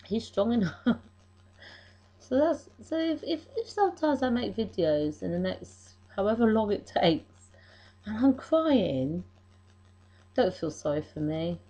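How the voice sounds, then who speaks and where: A middle-aged woman talking in a personal faith video diary, emotional and halting, often restarting her sentences. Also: medium pitch, sing-song, dark tone, rough recording. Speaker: vlogger.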